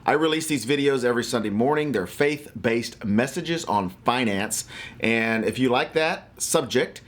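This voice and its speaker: A man's voice: mid-range voice, normal speed, a bit bright. A man from Louisiana giving a faith-based finance talk to camera, emphatic and motivational like a preacher.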